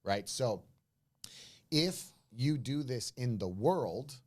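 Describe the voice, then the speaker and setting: A middle-aged man, a pastor and guest, telling stories in a casual interview, animated and acting out what people said. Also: medium pitch, slow. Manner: animated storyteller, acts out quoted voices, says "man" and "bro".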